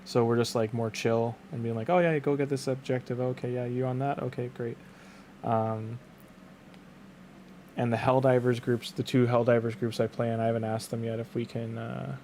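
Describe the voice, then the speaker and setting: A man's voice: medium pitch, creaky, dark tone, a little hiss or hum. Rambling Canadian man streaming. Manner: rambling, leans on "like", frequent restarts. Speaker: game streamer. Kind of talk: casual live-stream chat.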